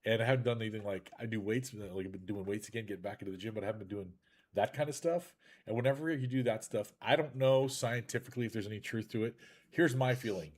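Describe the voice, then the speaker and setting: A man's voice: fairly low pitch, fast. A man hosting a casual live chat show over a video call, joking and rambling, sounding a little congested. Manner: lively, jokey, rambling. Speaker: podcast host.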